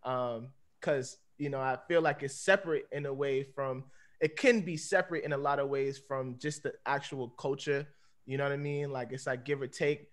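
A man's voice: medium pitch, steady tone, moderate pace. A man in his thirties talking casually on a panel over a video call, rambling and laid-back and laughing often. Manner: laid-back, rambling, peppered with "you know what I'm saying". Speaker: dancer on a panel.

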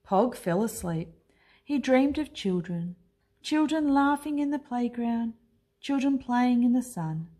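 A woman teacher reading a children's picture book aloud in an expressive, unhurried way. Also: a little high. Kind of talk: storybook read-aloud.

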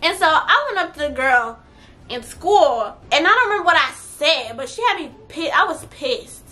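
A young adult woman telling a story on her vlog, blunt, profane and animated, her voice swinging louder at times. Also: sits high, normal speed. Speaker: vlogger.

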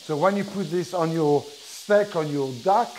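A man's voice: a little high, unhurried, background noise. A middle-aged man with a French accent, a chef giving a chatty live cooking demo and explaining step by step with many restarts. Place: kitchen with food sizzling. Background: frying sizzle.

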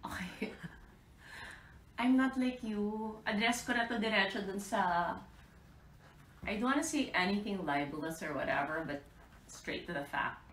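A woman's voice: mid-range voice, lively intonation, normal speed, fairly bright tone, reverberant, recorded from a distance, slight background noise. A middle-aged woman with a Filipino accent, switching languages mid-sentence as she talks straight and combatively on a live social media stream. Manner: code-switching, direct and confrontational. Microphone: phone.

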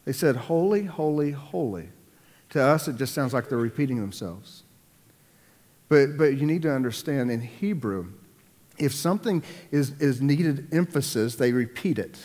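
A man preaching a sermon, repeating words for emphasis and swinging between loud, raised lines and hushed ones. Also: medium pitch, expressive, normal speed, big-room sound. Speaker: pastor.

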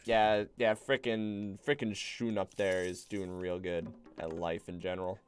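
A man's voice: sits low, level tone, a little slow. A man streaming a strategy game, rambling casually and bossing his units around with the odd swear. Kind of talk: casual gameplay commentary.

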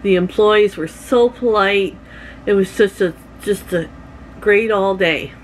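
A middle-aged Canadian woman chats to her camera at home as a vlogger, rambling through stories and laughing along the way. Her voice is medium-pitched and she takes it slowly, with slight background noise.

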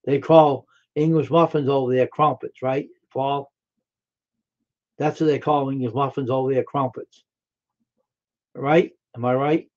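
A man's voice: mid-range voice, steady tone, a little slow, long pauses, darkish tone. A man hosting a live stream, chatting casually with viewers in a rambling, friendly way full of fillers and repeats. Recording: dull lo-fi stream audio.

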